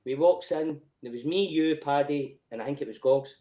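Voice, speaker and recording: A middle-aged Scottish man, a guest on a podcast, tells stories in casual chat, laughing often and swearing freely. His voice is fairly high and his pace moderate, heard in an echoey room.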